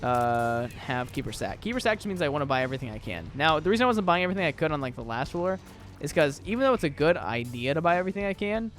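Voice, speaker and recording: A man's voice: on the high side, very animated, fast talker, fairly bright tone, soft background music. A young American man chatting casually through a let's-play, rambling with lots of "like" and "um". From southern United States. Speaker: gaming YouTuber.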